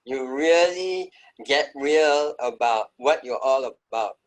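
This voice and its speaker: A middle-aged man with a mid-range voice speaks slowly as a guest in a conversational interview, recounting his story emphatically and reflectively. The recording quality is rough.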